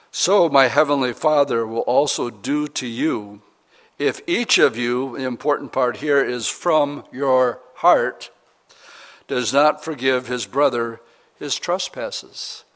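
Male pastor, mid-pitched, preaching an earnest, chatty sermon with sudden emphatic lifts. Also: fairly bright tone.

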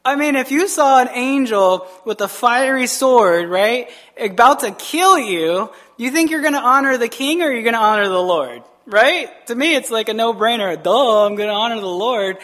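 A male pastor preaching a casual, animated sermon, retelling scripture with frequent "right?" asides and quick laughs. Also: extremely high pitch.

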